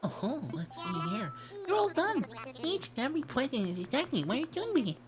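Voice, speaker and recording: A woman voicing a cheerful male reindeer who helps Santa, with a bright, chirpy delivery over game music. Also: high voice, sing-song, moderate pace, pitched above the performer's own voice. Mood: cheery.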